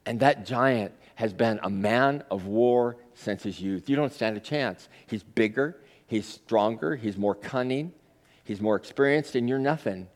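A man's voice: mid-range voice, unhurried, natural voice. A man voicing a scornful, dismissive king in a retold Bible story during a sermon. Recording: long reverb of a large hall.

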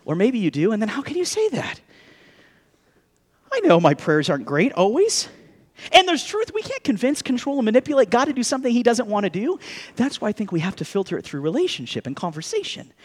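A man in his thirties, a pastor, giving a conversational sermon with lively asides and jokes to the congregation. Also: high-pitched, brisk, slightly rough.

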